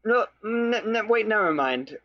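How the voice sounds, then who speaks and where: A man with a somewhat high voice, heard through a dull, lo-fi recording. He co-hosts a podcast and recaps a movie in loose, joking chat packed with "like" fillers. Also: animated, measured pace. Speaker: podcast co-host. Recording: dull lo-fi audio.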